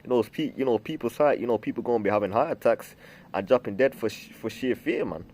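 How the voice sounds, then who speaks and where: A man's voice: mid-range voice, quick pace, a little mellow. A man preaching from scripture in a loose, rambling way, full of fillers, restarts and the word "man". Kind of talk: informal scripture teaching.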